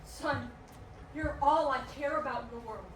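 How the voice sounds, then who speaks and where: Remorseful dad played by a woman, high voice, emotional, echoing stage from far. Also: moderate pace, a little hiss or hum, close to an everyday voice. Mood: tender pleading. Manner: emotional, pleading. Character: remorseful doting father, smug ex-champion. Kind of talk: live stage play acting. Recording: echoey theatre from far.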